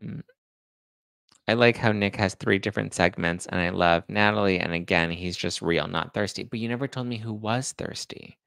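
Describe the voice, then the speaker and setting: A man's voice: fairly low pitch, moderate pace, vocal fry, fairly bright tone, clean tone, dry recording. A young man hosting a podcast livestream, chatting casually and reading out viewer comments, with a slight lisp. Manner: chatty, rambling, self-deprecating. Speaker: podcast host reading live chat.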